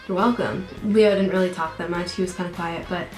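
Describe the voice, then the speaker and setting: A young woman from the United States telling a fan story to camera in a chatty way, with "like" in most sentences and quotes acted out in a higher voice. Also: steady tone, brisk, darkish tone, reverberant, faint music behind, rough recording. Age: young adult. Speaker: vlogger.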